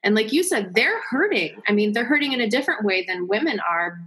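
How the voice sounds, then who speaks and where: A woman's voice: mid-range voice, very animated, fairly quick, a bit bright, husky, low-quality recording. A woman hosting a podcast, speaking casually, affirming her guest and laughing easily. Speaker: podcast host. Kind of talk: casual conversation.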